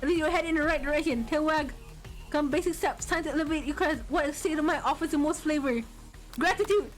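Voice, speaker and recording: High-pitched lady vtuber reading out a game, yelling and laughing at it, bit of music behind. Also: fairly even intonation, fast talker. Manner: reads game lines, then bursts into loud outcries and laughter. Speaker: VTuber streamer. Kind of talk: reading game text aloud while playing.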